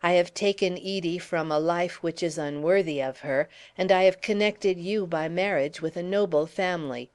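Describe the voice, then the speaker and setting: A flamboyant nobleman, as a woman reader puts him on, mocking and grandly courteous. He speaks in a fairly low voice for the storybook reading. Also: moderate pace, hardly any pauses, a little mellow, lightly acted. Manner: grandly polite, teasing, exclaiming. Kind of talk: audiobook character voice.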